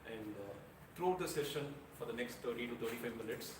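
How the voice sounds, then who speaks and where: Man, speech evaluator at a club meeting, frank and earnest, mid pitch, recorded far off in an echoey room. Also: brisk, background noise. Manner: earnest and frank, with light self-deprecating humor. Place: air-conditioned meeting room. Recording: roomy, distant, with faint room ambience.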